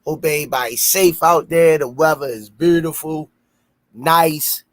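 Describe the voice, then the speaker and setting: A man with a Baltimore accent hosting a casual podcast and reading sponsor shout-outs, loud and playful, breaking into high shouts when he jokes. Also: a little slow, no room sound. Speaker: podcast host.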